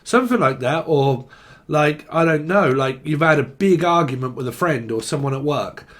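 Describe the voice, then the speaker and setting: A man's voice: on the high side, animated, normal speed, a bit bright. A man giving a casual, rambling tarot reading, full of slang and swearing. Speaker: tarot reader.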